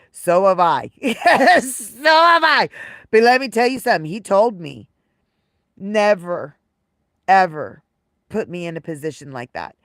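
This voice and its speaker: A woman's voice: on the low side, a bit bright, no echo, studio quality. A woman live streamer telling casual stories to her viewers, rambling and repeating her phrases. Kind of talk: casual livestream storytelling.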